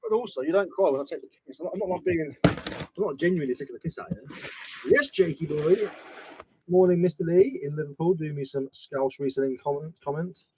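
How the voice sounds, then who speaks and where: A man's voice: fairly high pitch, fairly quick, background noise. A man and reseller streamer rambling casually, bantering with viewers and swearing as he sorts his listings. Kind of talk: casual live-stream chat.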